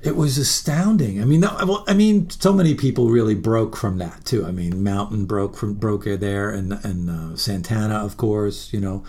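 A man, a musician, telling animated, profane road stories and laughing through them in a casual interview. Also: fairly low pitch, normal speed, hardly any pauses. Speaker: musician guest.

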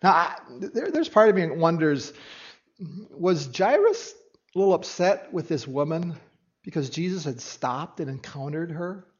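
A man preaching a sermon, earnest and expressive, swinging from hushed, quiet passages to emphatic ones. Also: a little high, normal speed, dull audio. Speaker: pastor.

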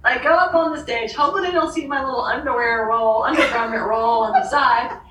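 A woman with a bright, forceful voice tells a lively personal story, laughing often and putting on the voices of the people she quotes. She sits a little back from the mic in an echoey room, with faint ambience behind her. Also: a little high, fairly quick, recorded from a distance, slight background noise. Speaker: author and podcast guest. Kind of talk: storytelling in a conversation.

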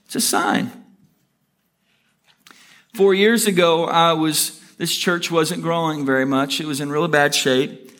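A male pastor in full sermon mode, talking quickly and pressing ahead like he is short on time. His voice sits a little high for a man and climbs higher whenever he drives a point home. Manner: energetic, rushing storyteller with rising emphatic pitch.

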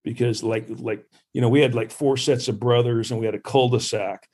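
Ex ballplayer guy telling stories, gets loud and mimics people, casual podcast chat. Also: a little fast, husky. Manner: animated storyteller, mimics others in high voices. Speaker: podcast guest, former pro baseball player.

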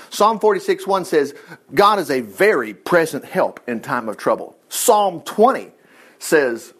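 In a relaxed, informal sermon on Bible passages, a folksy preacher speaks conversationally in a lively voice that rises and falls. It's slightly high for a man, and he acts out different voices along the way.

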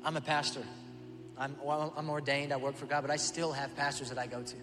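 A male pastor preaching a sermon, telling the story in an animated way and acting out voices. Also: fairly high pitch, brisk, big-room sound, background noise. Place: church auditorium.

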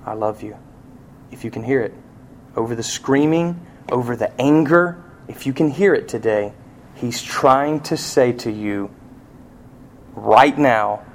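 A man preaching a sermon, telling a family story, going from hushed passages up to loud, pleading cries. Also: mid-range voice, slight background noise. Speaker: pastor.

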